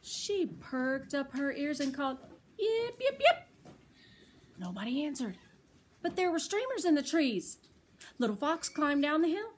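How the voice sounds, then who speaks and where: An older woman, a grandmother, reading a children's picture book aloud in a tender, expressive way. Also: high voice, slight background noise. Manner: tender, slow and expressive storytelling.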